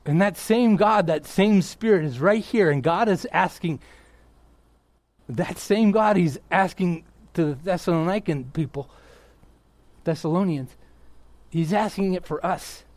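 Excitable, high-voiced male pastor preaching. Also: unhurried, no room sound. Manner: excitable, bursts into yelling then drops to quiet. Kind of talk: sermon.

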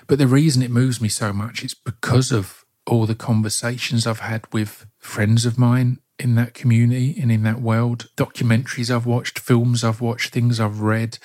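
A man hosting a solo podcast, talking softly and gently in a heartfelt way. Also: mid-range voice. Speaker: podcast host.

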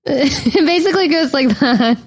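A woman's voice: high-pitched, normal speed, no room sound. A woman playing a tabletop game, speaking tentatively and giggling often. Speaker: player. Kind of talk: casual tabletop play.

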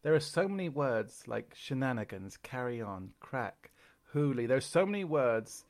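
A middle-aged man with an Irish accent spins stories with lots of energy. He drops into little character voices as he goes, and his pitch sits in an ordinary middle range. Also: measured pace. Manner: animated raconteur, slips into character voices. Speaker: guest comedian. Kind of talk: conversational storytelling.

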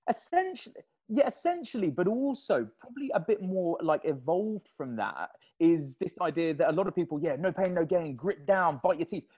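A man being interviewed on a podcast, telling stories in an animated, casual way and laughing often. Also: sits high, normal speed. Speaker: podcast guest, endurance athlete.

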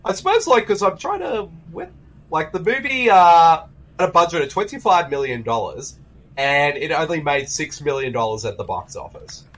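A man's voice: a little high, very animated, moderate pace, fairly bright tone, rough recording. A man co-hosting a casual movie watch-along, rambling about film trivia. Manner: rambling, chatty, trivia-minded. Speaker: podcast co-host.

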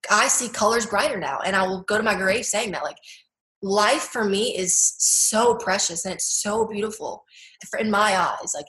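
A young adult woman gives personal testimony in an interview, earnest and heartfelt, with frequent "like" and "you know." Her tone is fairly bright in a mid-range voice, recorded with a roomy echo.

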